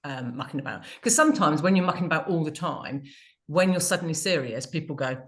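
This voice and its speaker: A woman's voice: low-pitched, expressive, a little fast. A woman from the UK in a casual online panel chat, chatty and jokey, with many restarts. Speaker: consumer rights campaigner and co-host.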